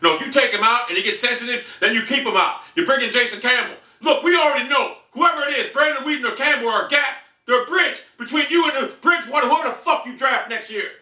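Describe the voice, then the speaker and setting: A man's voice: extremely high pitch, fast talker, few pauses, pushed and bright, distant mic. A man ranting angrily and profanely as a sports fan, venting at length in a room at home. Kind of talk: angry fan rant. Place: room in a house. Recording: echoey room, off-mic.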